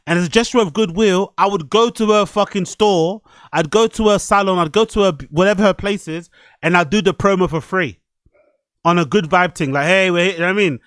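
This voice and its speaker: A man's voice: high voice, a little fast, a bit bright, no room sound. A man hosting a casual reaction podcast, rambling and swearing with frequent asides. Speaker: podcast host.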